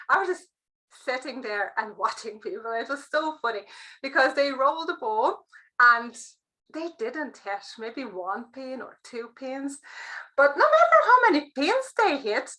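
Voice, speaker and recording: A woman with a high, bright voice gives a motivational talk about mindset. She tells personal stories and plays out the inner voices of the people in them. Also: poor audio. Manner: animated storytelling, acts out quoted thoughts. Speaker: career coach.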